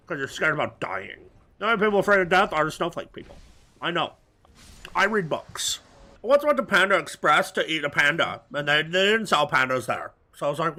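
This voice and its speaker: A man's voice: a little high, sing-song, moderate pace, bright, forceful tone. A man giving rambling let's-play commentary full of absurd, off-color jokes. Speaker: gaming video host.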